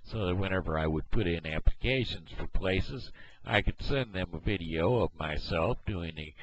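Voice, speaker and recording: Deep-voiced man with a halting vlog delivery. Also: background noise. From Missouri, USA. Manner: halting, many fillers and restarts. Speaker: video blogger. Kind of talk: casual talk to camera. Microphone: headset microphone. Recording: dull lo-fi headset mic.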